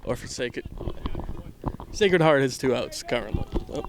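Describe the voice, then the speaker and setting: A man with a gravelly, mid-pitched voice calls a baseball game from an outdoor field on a handheld mic. His commentary is loose and jokey, and he pokes fun at himself. He sometimes drops to a near-hush. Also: lively intonation, measured pace, noisy background. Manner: self-deprecating, rambling, drops to a hush at times. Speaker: play-by-play commentator. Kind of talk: casual joking sports commentary. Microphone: handheld microphone with earbuds.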